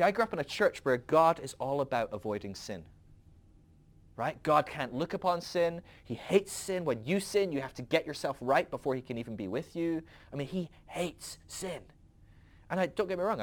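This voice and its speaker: Animated, rambling male podcast host. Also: fairly high pitch. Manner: animated, rambling, laughs often, frequent restarts. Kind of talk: casual philosophical teaching.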